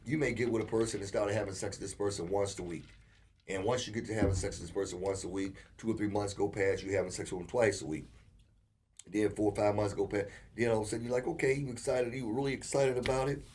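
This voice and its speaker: A man co-hosting a casual relationship talk show, telling animated stories and acting out quotes. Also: lowish voice, quick pace. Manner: animated storyteller, acts out quotes. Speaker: co-host.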